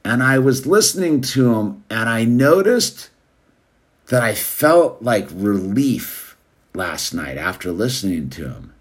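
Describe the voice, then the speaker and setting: A man's voice: mid-range voice, very animated, slow pace. A man hosting a show, rambling casually in a laid-back way and calling listeners "dude.". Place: California.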